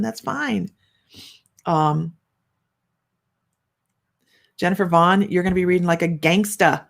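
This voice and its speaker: Woman, middle-aged, gravelly lowish voice, chatty rambling livestream host. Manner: chatty and rambling, many fillers and restarts. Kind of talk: casual livestream chat reading viewer comments.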